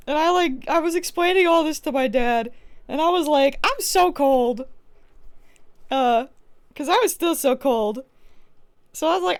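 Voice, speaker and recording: A woman's voice: sits high, no room sound. A young woman streaming a game from home, telling a rambling story in a casual, chatty way with many restarts. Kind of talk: casual livestream chat while playing a game.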